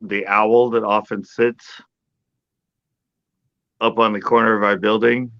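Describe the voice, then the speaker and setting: A man's voice: fairly low pitch, unhurried, dull audio. A man chatting casually on a podcast panel, telling a story with lots of laughter and acted-out quotes. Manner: animated storyteller, acts out quoted voices, laughs a lot.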